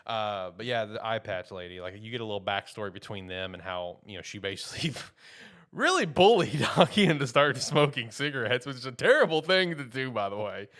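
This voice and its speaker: A man's voice: mid-range voice, lively intonation, a little fast, a bit bright. A young man co-hosting a podcast, chatting loosely and rambling with lots of filler words. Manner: loose and rambling, full of "you know" and "like". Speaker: podcast co-host reviewing anime. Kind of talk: casual chat.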